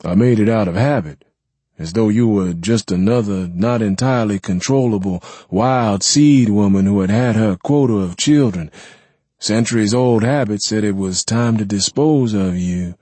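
Ancient, controlling man, read by a male narrator, low and breathy, measured, dry close mic. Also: mellow, no room sound. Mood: earnest.

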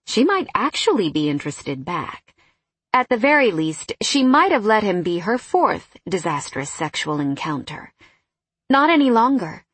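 Woman, audiobook narration, husky voice, dry close-mic sound, mid pitch. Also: fairly bright tone, no echo. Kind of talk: scripted narration.

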